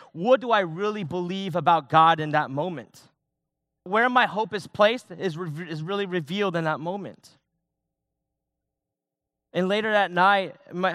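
A man's voice: sits high, bright, forceful tone, dry recording, studio quality. A young man, a youth pastor, preaching a sermon in a personal, conversational way, often restarting his sentences.

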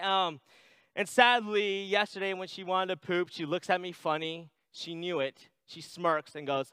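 High, clear-voiced man preaching. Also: a little slow, bright, forceful tone, dry recording. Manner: conversational, with many restarts and "right?" asides; reads scripture aloud. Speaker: pastor. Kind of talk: sermon.

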